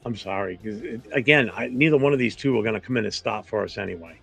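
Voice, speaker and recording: A low, gravelly New England voice belongs to a man hosting a casual sports fan stream. He is blunt and opinionated and swears freely. Faint music plays behind him. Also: fast, a bit bright. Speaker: fan show host.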